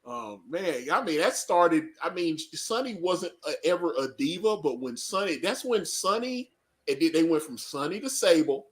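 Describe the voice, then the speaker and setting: A man's voice: a little high, big pitch swings, normal speed. A man co-hosting a casual live reaction chat, rambling and joking with frequent laughs. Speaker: podcast co-host.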